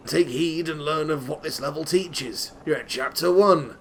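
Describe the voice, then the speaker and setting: A man with a somewhat high, gravelly voice reads rhyming verse aloud with comic theatrical flair. He puts on a rustic, old-timey accent that keeps drifting, and he breaks off into sweary, self-mocking asides. A faint hum of noise sits under the voice. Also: moderate pace, fairly bright tone. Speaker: reader of a game walkthrough.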